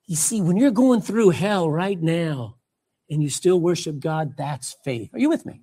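A man's voice: on the high side, measured pace, dark tone. A man preaching a sermon, reading scripture and calling out emphatically to his congregation.

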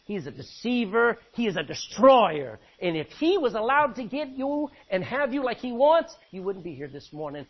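High-voiced, husky preaching man. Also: dull audio. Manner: preaching with rising emphatic bursts and quiet asides. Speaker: pastor. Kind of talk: sermon.

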